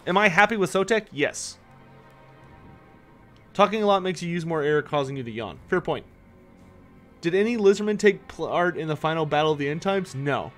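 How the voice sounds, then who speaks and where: His slightly high voice is animated and fairly bright, at normal speed with many pauses and faint music behind. He casually narrates a live strategy game, answers viewers, yawns from tiredness, and curses when annoyed.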